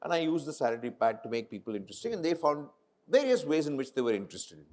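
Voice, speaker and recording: Man, Indian English accent, middle-aged, fast, slightly high voice, animated storyteller. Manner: animated storyteller, acts out quoted dialogue. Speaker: film director. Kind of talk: casual onstage conversation.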